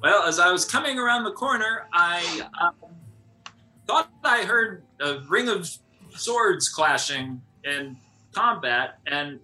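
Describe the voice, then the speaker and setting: A man's voice: high-pitched, lively intonation, slow pace, sharp tone, soft background music, full character voice, poor audio. A man playing a haughty male noble in disguise, speaking formally and courteously.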